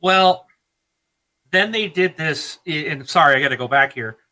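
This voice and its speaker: A man's voice: a little high, unhurried, rough recording. A man in his thirties co-hosting a casual gaming chat, rambling and laughing as he talks. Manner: rambling, animated, laughs often. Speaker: podcast co-host.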